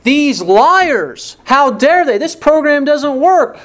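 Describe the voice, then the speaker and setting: A man's voice: expressive, fast talker, a little mellow. A man putting on an outraged woman dieter. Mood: furious. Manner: shrill, indignant outbursts. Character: angry woman dieter demanding refund.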